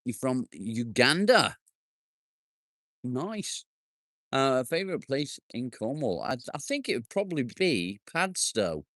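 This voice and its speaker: A man's voice: medium pitch, very animated, takes it slowly, a bit bright, no room sound, studio quality. A man hosting a casual live stream outdoors in his garden, bantering with viewers, joking, and swearing now and then. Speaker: livestream host.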